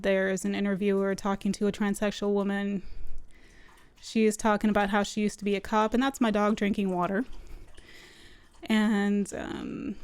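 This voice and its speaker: Woman film reviewer, chatty and loose, smooth clear voice, dry close sound. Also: mid-range voice, no echo. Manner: chatty, loose, with frequent "like" fillers. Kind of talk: casual spoken film review. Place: at home with her dog nearby.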